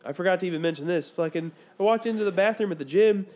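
A young man talking quickly in a slightly high voice, co-hosting a casual podcast. He swears freely and tells crude, animated stories in loose banter with his friends. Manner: crude, joking, animated storytelling. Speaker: podcast co-host.

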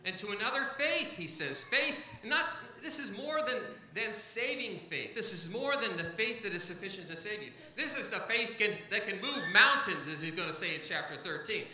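A man's voice: high-pitched, animated, normal speed, few pauses, pushed and bright, echoey room, low-quality recording. A man, a pastor, preaching a sermon to a congregation, stressing key points by repeating them. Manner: emphatic, repeats key phrases.

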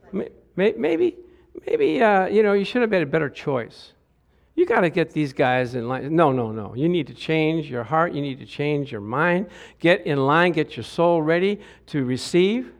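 A middle-aged male pastor delivers a lively sermon, voicing quotes in different characters and laughing as he goes. His pitch is fairly high, with some vocal fry.

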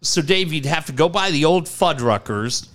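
Man, middle-aged, from San Diego, casual podcast chat, rambling, a bit high voice. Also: moderate pace. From San Diego area, US. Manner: animated, swearing, rambling.

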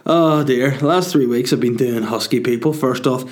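A man's voice: medium pitch, normal speed. Sweary man rambling. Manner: sweary, rambling, self-mocking, laughs at own jokes. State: getting over a cold. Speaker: comedian hosting a podcast. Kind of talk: rambling casual monologue.

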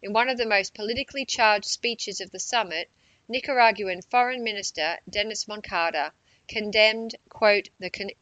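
A woman reading a political news report in a measured narration, with quotes read aloud. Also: medium pitch, fairly bright tone, no echo, low-quality recording.

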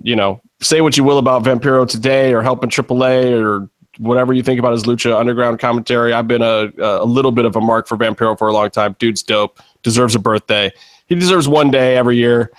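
Profane ranting podcast man. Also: medium pitch. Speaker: podcast host. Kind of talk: casual podcast chat.

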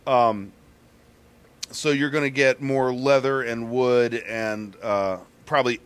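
A man's voice: mid-range voice, fairly even intonation, takes it slowly, smooth. A man talking casually as a guest, explaining pipe tobacco with many fillers and restarts. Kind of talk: casual chat.

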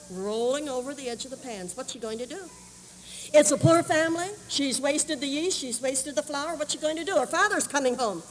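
High-voiced woman preaching in a hall. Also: slight background noise. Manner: animated storyteller, acts out voices. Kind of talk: sermon illustration storytelling. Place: camp meeting hall. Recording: 1981 camp meeting tape, roomy hall.

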